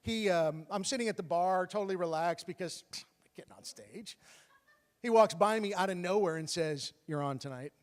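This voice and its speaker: A man telling a true personal story on stage with comic timing and animated bursts. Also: sits high, normal speed. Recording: long hall reverb.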